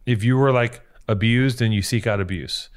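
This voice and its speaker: A man's voice: medium pitch, normal speed, a little hiss or hum. Sarcastic, profane podcast host man. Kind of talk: casual chat.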